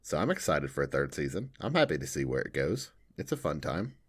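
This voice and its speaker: A deep-voiced man from the Southern United States co-hosting a chatty podcast. His pitch swings widely as he tells animated stories, breaking into frequent laughter. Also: fairly quick, breathy edge. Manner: animated storyteller, laughs often. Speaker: podcast co-host. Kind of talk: casual chat.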